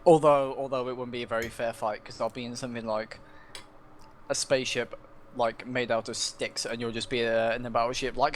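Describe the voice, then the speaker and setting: A man's voice: medium pitch, little pitch movement, fairly quick, slight background noise. Teasing man co-streamer. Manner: jokey, teasing banter. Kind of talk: casual gaming livestream chat.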